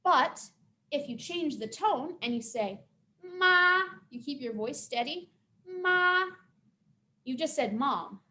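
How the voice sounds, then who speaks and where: A young woman telling a folk tale to children and then teaching them simple words, expressive and careful. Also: sits high. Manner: expressive, dramatic storytelling to children; slow, careful pronunciation drills. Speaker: storyteller and teacher. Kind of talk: children's storytime reading and teaching.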